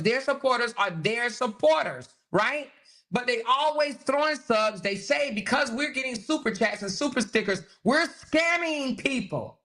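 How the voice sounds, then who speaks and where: A woman hosting a livestream, ranting in an exasperated, animated way, mocking others in quotes and reading chat aloud. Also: a little high. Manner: reads live chat aloud. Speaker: host. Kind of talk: livestream commentary.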